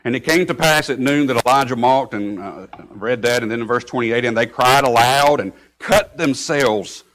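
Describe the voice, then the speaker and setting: A man preaching a sermon, breaking into sudden loud outbursts when he quotes scripture. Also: medium pitch. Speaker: pastor.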